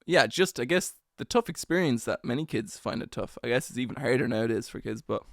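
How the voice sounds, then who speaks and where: A man's voice: mid-range voice, expressive, a little fast, creaky, dry recording, clean studio sound. A young man hosting a solo podcast, telling a story in a rambling, self-mocking way with lots of slang and fillers. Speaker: podcast host.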